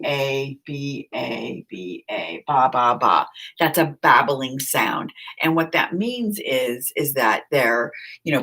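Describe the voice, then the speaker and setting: A woman's voice: deep voice, fairly bright tone. A woman giving a conversational recorded lecture, asking the listeners questions and repeating key points.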